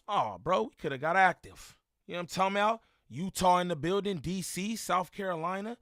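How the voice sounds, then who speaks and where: A man streaming live, reacting to a video and calling out names from his chat in loose street slang. His voice sits a bit high for a man and comes across bright and forceful. It sounds dry and close, with no room echo. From Inland Empire, Southern California. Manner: slangy, loose street talk, frequent laughs.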